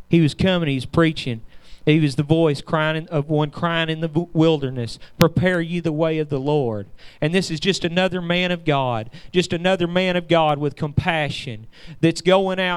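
A man's voice: fairly high pitch, normal speed, smooth, dry recording, low-quality recording. A man preaching a fervent sermon in a church, calling out to the congregation.

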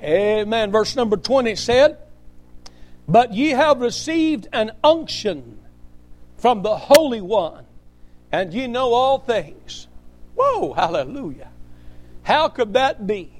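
Pastor guy preaching, high-pitched voice, keeps tossing in amen and praise god. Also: big pitch swings, takes it slowly. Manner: emphatic preaching with frequent amens and praise interjections. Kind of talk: sermon.

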